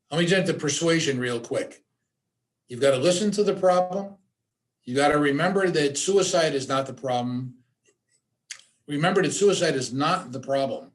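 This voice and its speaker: A man leads a training workshop in a plain, mid-pitched voice. He talks in a direct, emphatic way and repeats his key points. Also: moderate pace, pauses often. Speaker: suicide awareness trainer. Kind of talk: workshop presentation.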